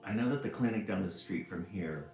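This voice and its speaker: A man's voice: a little fast, gravelly, darkish tone. Cheery man hosting a livestream chat. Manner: cheery, pitch jumps up when greeting people by name. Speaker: livestream host. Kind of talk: casual livestream chat greeting viewers. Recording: roomy echo with faint music behind.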